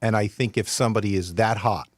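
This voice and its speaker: A man's voice: fairly low pitch, steady tone, fast, no echo. A male radio co-host who asks questions and throws in dry wisecracks during casual banter.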